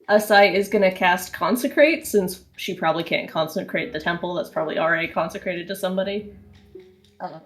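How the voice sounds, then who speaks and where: A woman in a tabletop game session lays out her character's action step by step. Her voice is on the low side for a woman, and she pauses with fillers as she explains. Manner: methodical, explaining rules with fillers. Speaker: player. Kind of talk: casual tabletop game chat.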